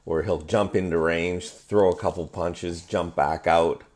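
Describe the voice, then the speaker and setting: Man, very low voice, casual boxing analysis, agreeable, step by step. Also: steady tone, measured pace, a little mellow. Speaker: podcast co-host. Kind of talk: casual sports chat.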